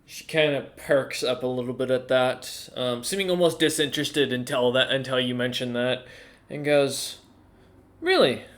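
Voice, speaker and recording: A man's voice: medium pitch, fairly even intonation, normal speed, hardly any pauses, a bit bright. A man running a tabletop game as game master, narrating in a hesitant way full of fillers and restarts.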